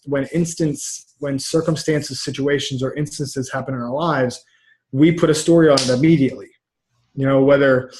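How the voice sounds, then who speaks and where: A middle-aged man, a mindset coach, talking casually in an interview over a video call, rambling and repeating words with frank energy. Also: medium pitch. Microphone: webcam about two feet away.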